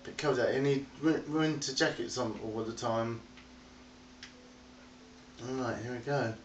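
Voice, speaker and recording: Man narrating a casual game tour, slow and rambling, recorded on a distant, echoey phone mic. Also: medium pitch, slight background noise. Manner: rambling, chatty, talks to animals in a playful sing-song. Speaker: video game tour guide.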